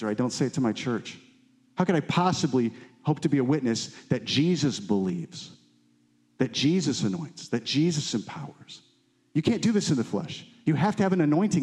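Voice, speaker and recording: A man preaching a sermon with fervent emphasis, climbing high on key lines and dropping low and quiet on others. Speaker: pastor.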